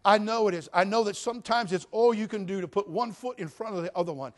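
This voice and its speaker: A man preaching a sermon as pastor, swinging from loud shouts to quiet, intimate talk. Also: high voice, quick pace.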